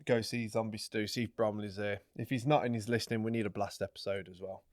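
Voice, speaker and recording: A man's voice: fairly low pitch, little pitch movement, fast, darkish tone, no echo, studio quality. A man hosting a podcast, brash and jokey, swearing casually while he wraps up the episode. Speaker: podcast host.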